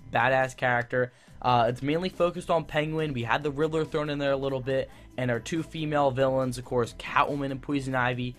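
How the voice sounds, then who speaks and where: A young man giving a casual, enthusiastic TV review that rambles, with many fillers and restarts. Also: medium pitch. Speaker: YouTube TV reviewer.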